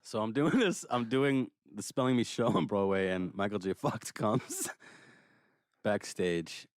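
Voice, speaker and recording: A man hosting a panel, telling animated, profane anecdotes and doing impressions. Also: fairly low pitch, a little slow, no room sound. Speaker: panel host. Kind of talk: casual chat, storytelling.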